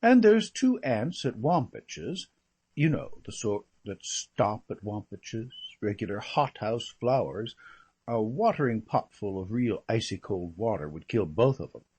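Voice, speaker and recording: Man doing a breezy gossipy young gentleman. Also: medium pitch, breathy edge. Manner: rambling, breezy, full of slangy asides. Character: gossipy young English gentleman, chatty and flippant.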